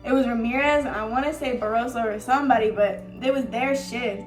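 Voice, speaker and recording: A woman's voice: on the high side, a little fast. A young woman chatting casually on her vlog, storytelling with frequent laughs. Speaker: vlogger. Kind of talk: casual chat. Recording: echoey room with music.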